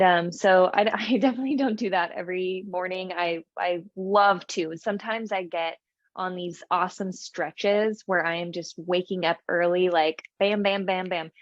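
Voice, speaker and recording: A woman's voice: fairly low pitch, dry recording. Rambling young woman, dry dull sound. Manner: rambling, many fillers and restarts, laughs often. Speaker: podcast co-host. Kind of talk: casual chat.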